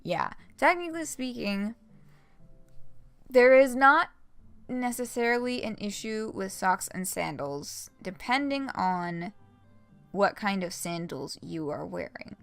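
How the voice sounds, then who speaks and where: A young woman talks casually to her stream while playing a game, rambling through her thoughts with fillers and little laughs. Her delivery is unhurried and her pitch swings widely, with a gravelly fry on the ends of phrases. Faint game music sits under her voice. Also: animated, a bit bright, no echo. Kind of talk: casual let's-play chat.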